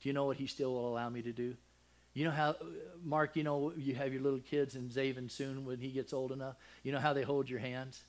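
An older man preaching a sermon, telling a personal family story with deep feeling, dropping to a hush and then rising loud, with many restarts. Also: little pitch movement, fairly quick. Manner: emotional, swings from loud and high to hushed and soft; rambling with frequent restarts.

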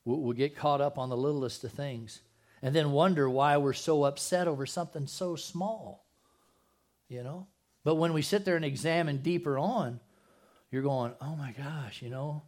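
A man's voice: fairly high pitch, normal speed, darkish tone. A man preaching a conversational sermon as pastor at a church service, asking the congregation questions and dropping jokey asides.

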